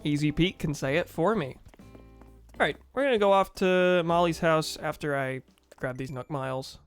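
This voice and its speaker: A man's voice: fairly high pitch, normal speed, clear, resonant tone, faint music behind. Joking young man streaming a game. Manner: joking, swears, reads game dialogue aloud. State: sore throat. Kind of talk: casual gaming commentary.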